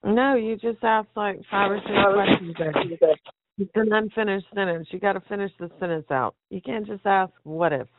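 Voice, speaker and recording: A man's voice: high voice, moderate pace, heavy background noise. A man calling into a talk show who argues and picks at what is said. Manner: argumentative, nitpicking. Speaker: caller. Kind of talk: call-in radio chat. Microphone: phone. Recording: dry, phone-like line.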